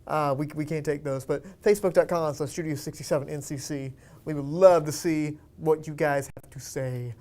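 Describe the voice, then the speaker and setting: A high-pitched man hosts a casual movie-talk podcast. He chats in an upbeat, easygoing way with his co-host. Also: steady tone, moderate pace, a little mellow. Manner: chatty, upbeat host patter.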